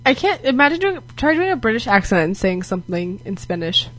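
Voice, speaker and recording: A teenage girl bantering on a student radio show. Her voice is fairly high and swings widely in pitch, and she jokes playfully with her co-hosts. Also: a little fast, low-quality recording. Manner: playful, animated. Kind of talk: casual chat.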